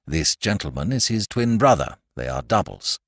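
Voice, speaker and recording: A man doing a low, grim detective. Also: very animated, moderate pace, no echo, clean studio sound, exaggerated voice. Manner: low, quiet and determined. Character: grim, watchful male detective.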